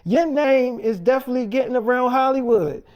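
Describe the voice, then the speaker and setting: A man's voice: very high-pitched, brisk, smooth, pitched above the performer's own voice. Jealous young girlfriend, scolding and profane, as a man puts her on.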